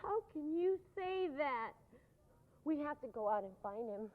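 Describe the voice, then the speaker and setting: High, pleading woman in a children's TV play. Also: big pitch swings, a little slow. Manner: pleading, tearful, soft-spoken. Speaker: actress playing a shy girl, Becky. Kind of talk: children's TV drama acting. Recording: tinny lo-fi old TV audio with music.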